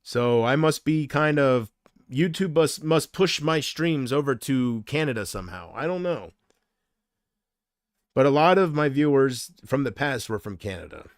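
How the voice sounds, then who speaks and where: A man's voice: medium pitch, animated, unhurried, no room sound, studio quality. A man on a casual livestream, rambling and unsure, drifting between thoughts while he answers viewer comments. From United States.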